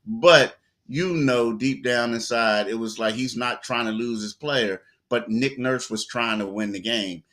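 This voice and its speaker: A man co-hosting a sports talk show, telling stories in a loose, animated way with lots of quoted asides. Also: mid-range voice, a little slow, few pauses.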